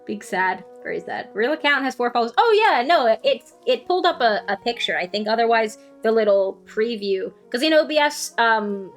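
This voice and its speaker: A woman's voice: a little high, lively intonation, normal speed, hardly any pauses, soft background music. Chatty woman streaming a game. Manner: chatty, giggly, trails off and restarts. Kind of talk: casual chat while streaming a game.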